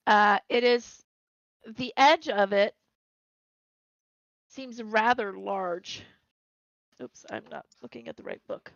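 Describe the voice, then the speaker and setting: A woman narrating as game master of a tabletop game, unhurried and hesitant with fillers, on a voice call. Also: medium pitch, creaky, no room sound, dull audio. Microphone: headset over voice call.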